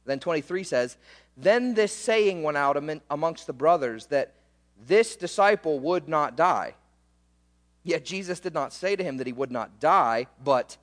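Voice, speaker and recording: A man's voice: fairly high pitch, expressive, normal speed, a bit bright, big-room sound. A male pastor preaching a sermon in a conversational, emphatic way, often repeating words and returning to short refrains.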